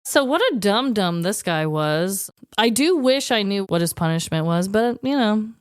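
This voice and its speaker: A woman with a smooth, clear voice co-hosts a casual podcast, reacting expressively and mimicking people in mocking tones. Her recording is close and dry. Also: moderate pace, no room sound. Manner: expressive, jumps into high mocking voices when quoting. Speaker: podcast co-host. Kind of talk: casual chat.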